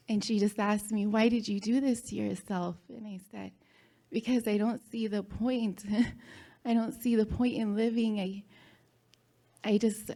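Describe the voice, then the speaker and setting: Slow, mellow woman telling a story. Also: mid-range voice. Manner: halting, with pauses and nervous laughs. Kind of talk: personal story told on stage. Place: hall before a live audience.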